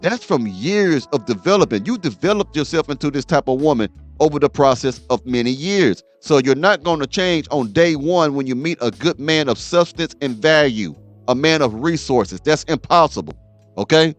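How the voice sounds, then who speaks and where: A man's voice: on the high side, animated, normal speed, dry recording, soft background music. A man hosting a show, lecturing his audience as he reacts to a clip and repeats "okay?" to drive points home. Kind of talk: reaction commentary.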